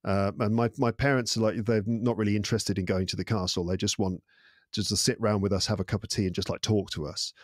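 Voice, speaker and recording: A man's voice: fairly low pitch, quick pace, dry recording. Englishman, dry close sound. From England. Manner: thoughtful, animated storyteller. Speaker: podcast guest. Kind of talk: casual interview chat.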